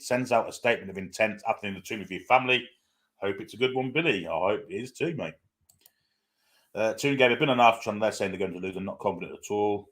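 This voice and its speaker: With a fairly low, animated voice and a quick pace, this football fan channel host runs a live watchalong, casually reading and answering viewer comments and greeting each person. He fills in with lots of "uh"s and corrects himself often; the tone is fairly bright.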